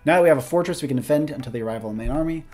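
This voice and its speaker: A young man hosting a let's-play, commentating excitedly, swearing and exclaiming as he plays. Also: mid-range voice, rapid-fire, soft background music. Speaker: gaming video host.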